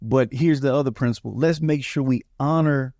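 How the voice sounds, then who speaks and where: Calm, reflective husband co-hosting. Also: male voice, medium pitch, moderate pace, no echo. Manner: calm, reflective, acts out past arguments. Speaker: podcast co-host, husband. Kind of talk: casual conversation.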